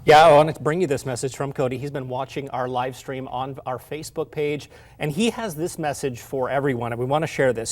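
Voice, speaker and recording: A man presenting on a live broadcast, reading out a viewer message in a brisk, upbeat way. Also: mid-range voice.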